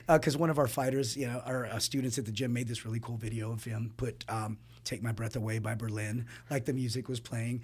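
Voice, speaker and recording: A man, a fight coach appearing as a guest, telling stories in casual interview chat with frequent laughs and quick asides. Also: mid-range voice, breathy edge. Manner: animated storyteller, laughs often, quick asides.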